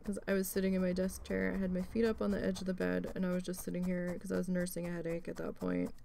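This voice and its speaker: A woman's voice: lowish voice, completely flat delivery, fast, gravelly, dark tone, a little hiss or hum. A woman vlogger chatting casually while she needle felts, rambling and venting with free swearing. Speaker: crafting vlogger.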